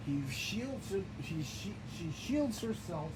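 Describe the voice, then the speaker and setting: A man improvising a game narration in an excitable, stumbling way, often restarting his phrases. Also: high-pitched, takes it slowly. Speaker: gameplay narrator. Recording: noisy background.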